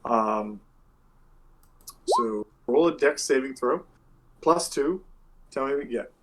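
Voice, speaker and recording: A man's voice: medium pitch, lively intonation, slow pace, fairly bright tone, low-quality recording. A man narrating a tabletop game as game master, rambling and searching for words.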